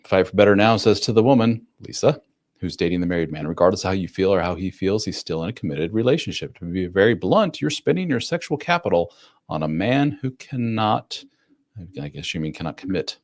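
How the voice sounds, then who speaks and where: A man's voice: low voice, darkish tone. A man hosting a casual live stream, reading viewer comments and talking through them with lots of fillers and restarts. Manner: conversational, many fillers and restarts, reads comments aloud. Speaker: livestream host answering viewer comments.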